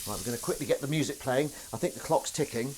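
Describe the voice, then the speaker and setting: A man's voice: mid-range voice, fast talker, background noise. A man, hosting a casual live stream from his home kitchen. He talks in a rambling, self-deprecating way, addressing his viewers and his cat while he washes up. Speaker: livestream host.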